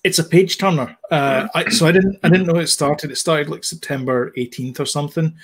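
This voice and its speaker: A man's voice: a little high, steady tone, a little fast. A man, co-hosting a podcast in casual chat, rambling with plenty of fillers and restarts. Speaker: podcast co-host.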